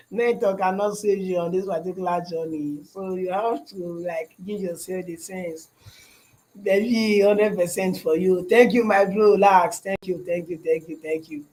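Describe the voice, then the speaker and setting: High-voiced Nigerian man chatting on a livestream. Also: steady tone, unhurried, darkish tone, poor audio. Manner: repeats phrases, keeps asking "you understand?". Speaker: livestream host. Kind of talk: casual livestream chat. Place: his shop.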